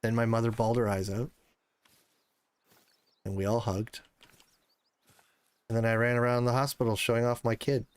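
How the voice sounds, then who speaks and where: A man's voice: mid-range voice, little pitch movement, moderate pace, long pauses, clean tone. A man in his thirties streaming a hunting game, chatting casually with his viewers and swearing when the game frustrates him. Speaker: livestreamer. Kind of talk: casual livestream chat while gaming.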